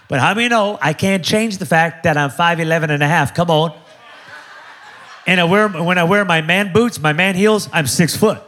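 A man in his forties preaching an energetic sermon, joking with the crowd and driving points home with call-and-response repetition. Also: high-pitched, fairly quick, slight background noise. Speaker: pastor.

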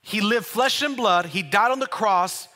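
A man pastor preaching a sermon, with call-and-response shouts that build to loud exclamations. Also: sits high, measured pace. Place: church sanctuary. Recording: long church-hall reverb.

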